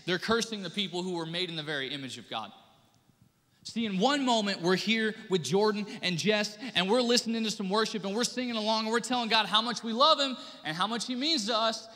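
A male pastor delivers an animated sermon, slipping into lively acted-out quotes. His voice sits high and bright, with a forceful edge. The long reverb of a church sanctuary hangs behind every line.

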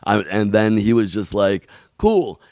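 A man with a low, gravelly voice recounts a story in an interview, blunt and animated, acting out other people's lines as he goes. The sound is close and dry, with no room around it. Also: moderate pace, no echo. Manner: blunt, swears casually. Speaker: podcast guest.

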